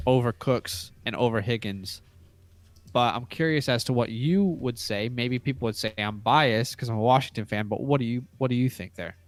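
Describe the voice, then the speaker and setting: A man's voice: medium pitch, fairly bright tone. An American man co-hosting a casual live stream, chatty and reading out viewer questions. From United States. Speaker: podcast co-host.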